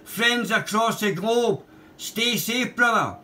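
A man's voice: high-pitched, takes it slowly, heavy background noise. A Glaswegian man chatting over amateur radio, friendly and talkative, calling the other man brother and mate. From Scotland. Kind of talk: casual radio contact chat.

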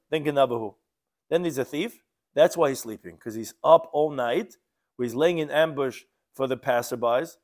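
Rabbi teaching a Talmud class, a man a slightly high voice and a relaxed delivery, reading each phrase before explaining it. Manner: reads Aramaic phrases, then explains in casual English with asides. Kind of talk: Talmud lesson, translating Aramaic line by line.

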